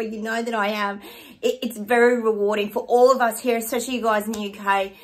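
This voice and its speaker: A woman's voice: medium pitch, fairly bright tone. A woman, hosting her own psychic channel and chatting casually and effusively to her viewers.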